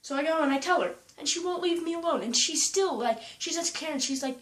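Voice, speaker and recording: A young woman vlogging casually, retelling a story with lots of "like" and quoting people in a higher voice. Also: fast, a bit bright. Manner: chatty, full of "like" and "I'm like", quoting others in a higher voice.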